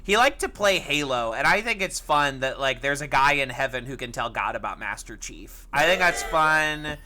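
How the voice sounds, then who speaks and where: A man's voice: mid-range voice, expressive, normal speed, pushed and bright, a little hiss or hum. A man in his thirties co-hosting a comedy podcast, joking sarcastically and restarting his sentences as he goes. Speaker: podcast co-host. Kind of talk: casual comedic podcast chat.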